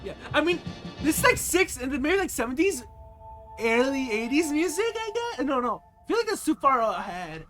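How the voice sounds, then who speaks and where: Young man, American accent, live-stream chat, giggly, rambling, bright sharp tone. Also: extremely high pitch, very animated, normal speed, faint music behind. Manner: giggly, rambling, heavy on fillers.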